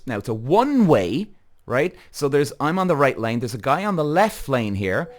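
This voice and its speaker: Irish male podcast host, mid-pitch voice, heated storytelling rant, swears a lot. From Ireland. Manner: heated, swears freely, addresses viewers directly.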